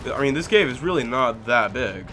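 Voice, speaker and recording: A young man giving let's play commentary on a game, excitable and pleading loudly with his in-game pet bear. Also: mid-range voice, moderate pace, slight background noise. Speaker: gaming YouTuber.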